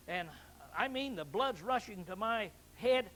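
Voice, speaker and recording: A male pastor preaching a sermon, animated, acting out angry outbursts and often clearing his throat. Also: high-pitched, moderate pace, poor audio.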